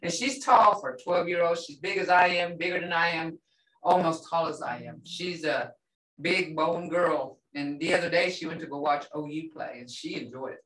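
A woman teaches a language class, patiently repeating words and sounds for her students. Her voice is on the low side and a bit bright, at normal speed, and the sound is roomy, as if recorded from a distance.

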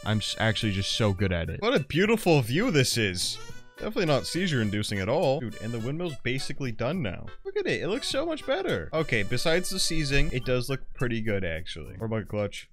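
A young man commenting on his own gameplay in a sarcastic, joking way. His voice has a middling pitch but swings widely up and down, jumping into loud squeals. Faint music plays behind him. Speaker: gameplay YouTuber.

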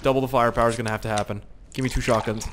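A young man giving casual, profane gameplay commentary with sudden loud outbursts. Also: mid-range voice, steady tone, rapid-fire, heavy background noise.

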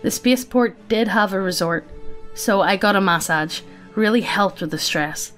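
A woman narrates a sci-fi story in a plain, casual, matter-of-fact voice at middle pitch with a fairly bright tone. She reads unhurriedly and conversationally, quick laughs slipping in, over faint background music.

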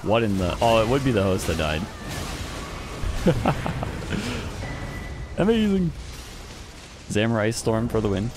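A man's voice: on the low side, quick pace, few pauses, over music. A man streaming an online game, giving casual commentary in a playful, teasing way with frequent chuckles.

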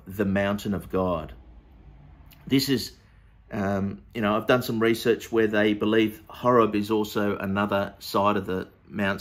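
Man, somewhat low voice, informal Bible study, halting, conversational. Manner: conversational, hesitant with many fillers and restarts. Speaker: preacher.

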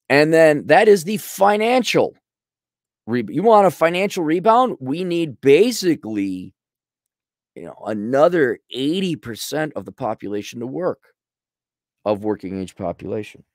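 A man's voice: a little high, sing-song, measured pace, no echo, studio quality. A man hosting a casual commentary monologue, answering a viewer's question in a blunt, sarcastic, rambling way.

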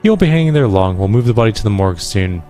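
Quiet, courteous police lieutenant, measured and calm, read by a man; faint music in the bed. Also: lowish voice, lightly acted.

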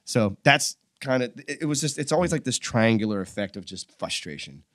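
A man talking as a musician guest in a casual podcast interview, animated, acting out what people said. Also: medium pitch, a little fast, no room sound, studio quality. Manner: animated storyteller, acts out quotes.

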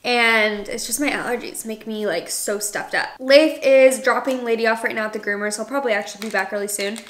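A woman's voice: a little high, fairly quick, fairly bright tone. A young adult woman talking casually to camera in a chatty vlog, full of "like" fillers. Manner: chatty, filler-heavy with lots of "like". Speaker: lifestyle vlogger and podcast host.

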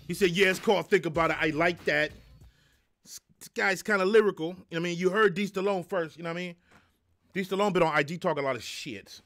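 A man's voice: high-pitched, a little fast, a bit bright. A middle-aged man hosting a live stream, talking loosely and profanely, joking and reading chat messages aloud. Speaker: live show host. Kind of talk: casual live-stream talk.

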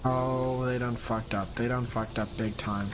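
A man streaming a video game with casual commentary, excitable, swearing often and yelling when frustrated. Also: mid-range voice, unhurried, music in the background.

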